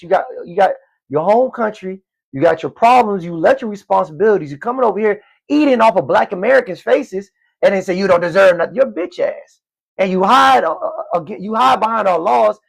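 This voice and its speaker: A man's voice: sits high, animated, fairly quick, vocal fry. A man hosting a live discussion, blunt and mocking, repeating phrases as he presses his point. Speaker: live stream host.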